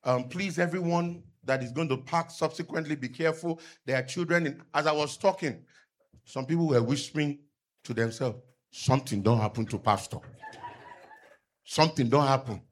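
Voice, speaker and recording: A middle-aged male pastor, preaching a sermon with emphatic call-and-response and loud peaks. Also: fairly high pitch, normal speed.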